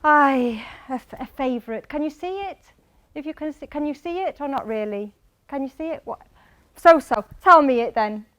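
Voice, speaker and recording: A woman from Manchester with a Mancunian accent, giving a lively English lesson in a lecture hall and quizzing the audience by name. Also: sits high, normal speed. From England, Manchester. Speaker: English teacher.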